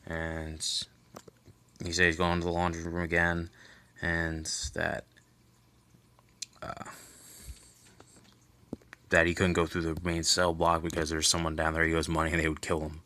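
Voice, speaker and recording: A man's voice: low voice, monotone, measured pace, pauses often, bright, forceful tone. A man giving a loose, rambling recap of a comic book in casual chat, full of fillers and restarts, swearing offhandedly.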